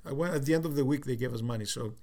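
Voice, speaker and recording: A man in his sixties with a Cypriot accent, recounting his life as an interviewee in a halting way with many fillers and restarts. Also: medium pitch, darkish tone. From Cyprus. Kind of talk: reflective storytelling.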